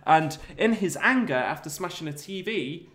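A man's voice: on the high side, expressive, moderate pace, a bit bright. A man co-hosting a podcast over a video call, telling a comic story with lots of laughter. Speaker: podcast co-host. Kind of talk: casual comedic chat.

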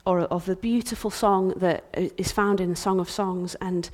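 A woman in her thirties preaching a sermon in a church, impassioned, swinging from loud outbursts to hushed whispers. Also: lowish voice, steady tone, normal speed.

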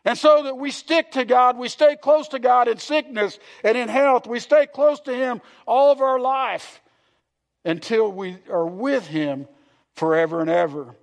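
A man preaches a sermon from the pulpit in a church, his voice pitched unusually high. He talks earnestly, repeats phrases and throws questions out to the congregation. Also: normal speed, vocal fry. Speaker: pastor. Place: church sanctuary.

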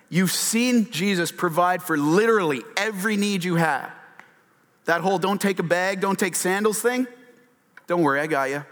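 Animated preacher man in a reverberant hall. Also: a little high. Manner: animated, acts out quotes in a raised voice. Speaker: pastor. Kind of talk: sermon. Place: church hall with slides on a screen.

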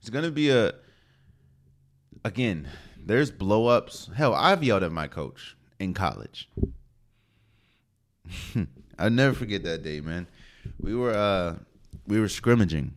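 A man's voice: on the low side, animated, measured pace, long pauses. A young man hosting a solo sports podcast, talking in a casual, slangy, opinionated way. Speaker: podcast host.

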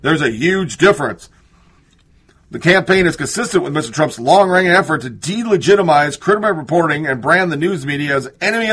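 A man's voice: fairly high pitch, fairly bright tone, husky. A man reading news articles aloud and breaking off with sarcastic asides, sometimes drifting away from the mic. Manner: sarcastic asides, reads quotes then scoffs. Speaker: political commentator.

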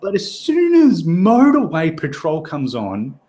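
An Australian man hosting a podcast, chatting casually and joking in loose, animated rants. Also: fairly high pitch, slow. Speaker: podcast host. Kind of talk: casual chat.

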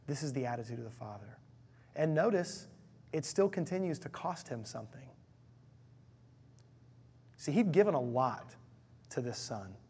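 Husky man preaching with emphasis. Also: medium pitch, a little mellow. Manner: emphatic, conversational, repeats phrases in threes. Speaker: pastor. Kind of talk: sermon.

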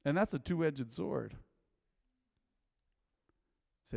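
A man preaching a sermon to a congregation, calling for responses and swinging between loud and quiet. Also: fairly high pitch, lively intonation, moderate pace, no echo, clean studio sound. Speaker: pastor. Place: church with live congregation.

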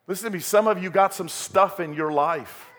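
A man's voice: high-pitched, moderate pace, a bit bright. Folksy preacher man in a reverberant church. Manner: folksy storytelling preacher, rising to emphatic bursts. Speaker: pastor. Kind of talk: sermon. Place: church sanctuary. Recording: long hall reverb.

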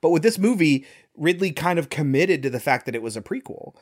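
A man's voice: on the high side, sing-song, a little fast. An American man in casual conversation reviewing a movie, explaining at length and swearing now and then. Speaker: movie podcast co-host. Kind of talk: casual film review chat.

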